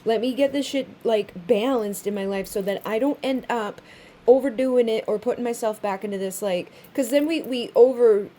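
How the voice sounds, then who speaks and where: A woman's voice: a little high, normal speed, dark tone. A woman giving a casual spoken tarot reading to viewers, chatty and swearing freely, often acting out little quoted voices. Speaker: tarot reader.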